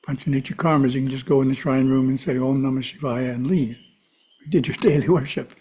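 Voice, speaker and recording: A man giving a calm, measured spiritual teaching talk, with side remarks to his listeners. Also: mid-range voice, breathy edge. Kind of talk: teaching talk to a live audience.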